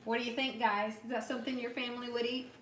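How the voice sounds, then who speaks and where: A middle-aged woman giving a chatty, upbeat cooking demonstration and product pitch, talking straight to her viewers from a home kitchen. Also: level tone, fast talker, reverberant, recorded from a distance, background noise. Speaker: cooking demonstrator and sales consultant.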